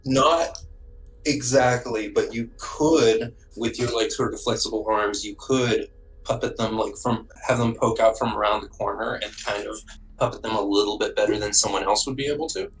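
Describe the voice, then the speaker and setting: A man as dungeon master running a tabletop game, relaxed, often restarting his sentences. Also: lowish voice, moderate pace, a little hiss or hum, low-quality recording.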